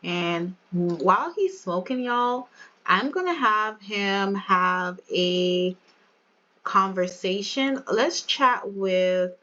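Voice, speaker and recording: A woman narrates her life-sim game in a chatty, giggly way, talking straight to her viewers at a middling pitch. The sound is slightly dull, like a basic home mic. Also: lively intonation, extremely slow, bright, forceful tone. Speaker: game video creator. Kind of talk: casual gameplay commentary.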